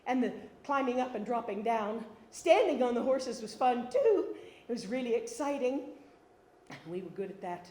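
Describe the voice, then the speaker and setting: A woman's voice: fairly high pitch, lively intonation, normal speed, a little mellow, reverberant. An older woman telling a wry, funny life story as a one-woman stage monologue. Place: theatre stage.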